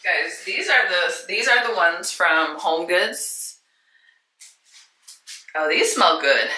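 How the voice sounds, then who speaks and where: A woman talks straight to her viewers, chatty and effusive, in a casual home vlog. Her voice is very bright and sharp. The handheld camera picks her up in an echoey room at home. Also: on the low side, expressive, slow pace, pauses often. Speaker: vlogger.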